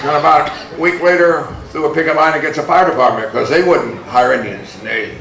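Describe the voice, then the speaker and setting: A man's voice: fairly high pitch, a little fast, creaky, a bit bright, a faint crowd, slight background noise. An older man speaking as an activist at a reunion, telling blunt, profane stories with laughter in his voice. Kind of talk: storytelling speech. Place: large hall. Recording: echoey hall recording.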